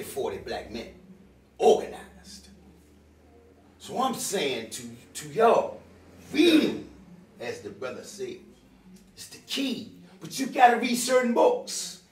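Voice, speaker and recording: An older man giving an impassioned, emotional speech to a crowd at a town hall, calling out to the audience and swinging between loud outbursts and low asides. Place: bookstore meeting room. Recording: echoey room, voice from far off.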